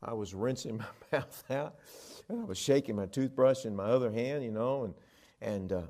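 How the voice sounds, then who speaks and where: A man preaching a sermon, telling stories and swinging between loud emphatic lines and hushed ones. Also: medium pitch, moderate pace.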